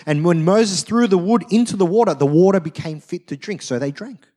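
A man preaching a sermon, telling stories with animated acted-out quotes. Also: high-pitched, brisk. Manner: animated storytelling, acts out quotes. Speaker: pastor.

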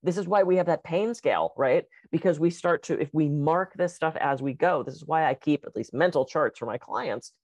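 A woman co-hosting a casual podcast chat as a coach, telling stories and acting out quotes with lively energy. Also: deep voice, moderate pace, few pauses, no room sound. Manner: animated storyteller, acts out quotes.

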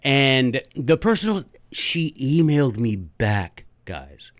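A man hosting a podcast, telling a story in a chatty, animated way with jokey asides. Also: mid-range voice, slow, no room sound. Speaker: podcast host and teacher. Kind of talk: casual storytelling monologue.

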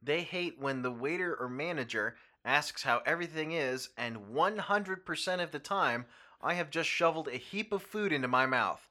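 A man with a bright, forward tone and lively intonation, co-hosting a podcast. He reads listener comments and chats casually, playful and quick to joke about himself. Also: on the high side. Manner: playful, self-deprecating. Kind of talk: casual chat.

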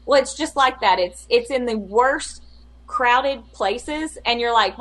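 Podcast co-host, a woman with a fairly high voice, chatty and exasperated, acts out every quote. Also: moderate pace. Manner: animated storyteller, acts out quotes in exaggerated voices; exasperated, rambling complaints. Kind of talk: casual chat.

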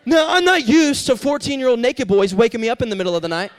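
A young man delivers a youth sermon in a high, light voice. He tells a story with animated energy, pushing his voice up when he acts out the characters, then drops into earnest preaching. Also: fast talker, clean tone. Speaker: youth pastor.

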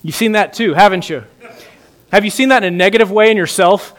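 A middle-aged man preaching an earnest sermon as a pastor, laughing at his own jokes and ending softly in prayer. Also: high-pitched, fairly quick.

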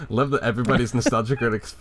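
A man's voice: medium pitch, quick pace, a loud crowd. A man co-hosting a casual comedy podcast, retelling a comic with fillers and frequent laughter. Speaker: podcast co-host.

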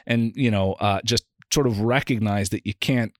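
A man's voice: on the low side, moderate pace, dry recording, clean studio sound. A man, a philosophy guest on a podcast interview, talking casually and acting out the dialogue in his anecdotes. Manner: animated storyteller, acts out quoted dialogue.

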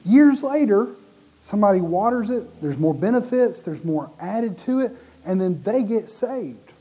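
A man preaching a sermon, animated and often restarting or repeating his words mid-sentence. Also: sits high, measured pace, breathy edge.

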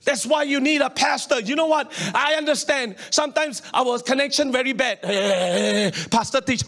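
This is a sermon from a middle-aged pastor whose voice is very high and fairly bright, and who takes his time. Emphatic and repetitive, he repeatedly calls for the congregation's response and frequently chuckles between points.

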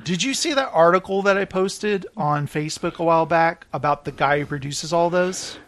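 High-voiced man laughing through a story. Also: normal speed. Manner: animated storyteller, laughs often, acts out quotes. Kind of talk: casual chat.

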